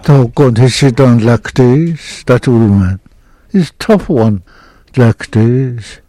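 An older man telling an oral history hunting story in halting, broken English, with many restarts. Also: mid-range voice, animated, dark tone, no echo, poor audio. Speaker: interviewee.

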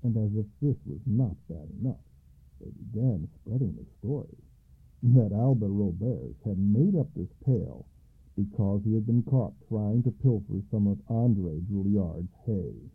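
A man hosting a radio story program and reading a tale aloud in an expressive, dramatic way. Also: fairly low pitch, measured pace, slightly rough. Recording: tinny lo-fi radio broadcast.

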